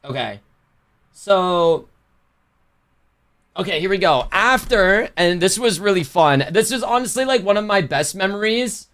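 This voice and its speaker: A male streamer talks casually with his chat, with loose slang and frequent self-corrections. His voice sits high for a man. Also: lively intonation, measured pace, pauses often, fairly bright tone. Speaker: livestreamer.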